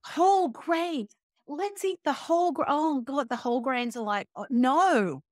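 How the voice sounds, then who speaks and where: A woman's voice: high voice, a little slow, no echo, clean studio sound. A middle-aged woman, a health and wellness coach, talking in a casual interview and acting out sarcastic quotes. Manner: animated, acts out quoted voices, sarcastic asides.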